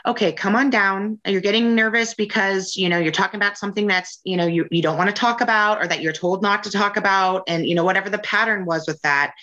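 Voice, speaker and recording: A woman's voice: mid-range voice, fast, hardly any pauses, pushed and bright, highs cut off. A woman in her forties talking candidly in a casual conversation, rambling and frank, with lots of fillers. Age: 40s.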